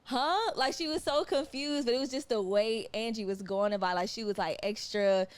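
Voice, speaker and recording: A woman's voice: mid-range voice, a little fast, smooth, no room sound. A woman co-hosting a podcast, chatting casually and telling stories with informal slang and quoted asides. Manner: storytelling with quoted asides and laughter. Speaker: podcast co-host. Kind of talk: casual chat.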